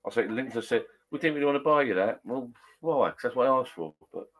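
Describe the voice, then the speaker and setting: A man's voice: medium pitch, lively intonation, fast, fairly bright tone. A man chatting casually with live viewers from his garden shed bar, rambling and correcting himself as he goes. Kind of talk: casual pub chat.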